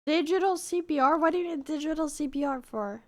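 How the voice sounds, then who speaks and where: A woman's voice: high voice, brisk, darkish tone. A woman livestreamer chatting casually with her viewers, greeting them by name and teasing them with plenty of swearing. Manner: profane, teasing banter with chat. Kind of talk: casual live-stream chat.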